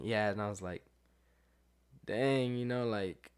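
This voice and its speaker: A young adult man, a podcast guest, telling a story in casual chat, with lots of fillers and quotes acted out in lively voices. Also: fairly low pitch, slow pace, clear, resonant tone.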